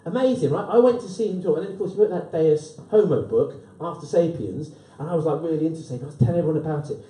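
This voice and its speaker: Man, 50s, event host; high-pitched, chatty, jokey live-talk delivery, roomy sound from a distance. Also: fast talker, dark tone. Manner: chatty, keeps tagging "right?" onto lines. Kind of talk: humorous live talk to an audience. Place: event room with an audience. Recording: roomy, voice from off the mic.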